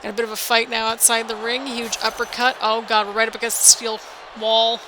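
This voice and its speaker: A woman giving excited, anxious play-by-play commentary over a wrestling video game, exclaiming often and talking to viewers as "people". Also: fairly high pitch, fairly quick, noisy background. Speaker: gaming video host.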